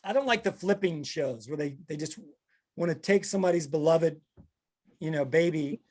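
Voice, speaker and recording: A male podcast host with a fairly high voice and moderate pace tells stories on his casual chat show. He brings them to life by animatedly acting out what each person said.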